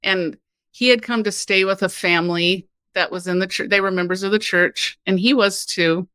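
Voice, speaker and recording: Woman from Kansas, podcast guest, lively candid storyteller, mid pitch, dry close sound. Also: moderate pace, smooth, no echo. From Kansas, United States. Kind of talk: personal storytelling conversation.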